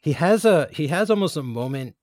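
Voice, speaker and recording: A man's voice: fairly high pitch, expressive, a little fast, darkish tone, no echo, clean studio sound. A young man co-hosting a podcast, chatting casually in a rambling way with lots of fillers and restarts. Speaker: podcast co-host. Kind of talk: casual chat.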